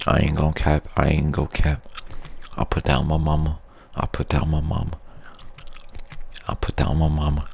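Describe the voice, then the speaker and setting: Very deep gravelly young man, rambling. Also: darkish tone. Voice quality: low gravelly breathy voice. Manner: rambling, crude slang-heavy street talk. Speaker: YouTube storyteller. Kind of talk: ASMR storytelling, half whispered.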